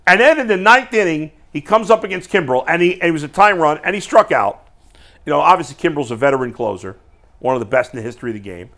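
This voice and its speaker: A man hosting a casual sports talk show, talking with animated energy. His pitch swings widely and sits a little high, and he often restarts his thoughts mid-sentence. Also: fast. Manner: animated, expressive, restarts phrases.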